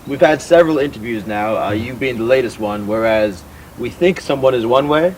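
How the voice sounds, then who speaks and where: A man hosts a podcast and asks questions in a loose, halting way, full of ums and likes. His pitch sits in the middle for a man. A faint hiss runs under the recording. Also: lively intonation, a little mellow, low-quality recording. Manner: hesitant, lots of fillers. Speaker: podcast host. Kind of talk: casual interview chat.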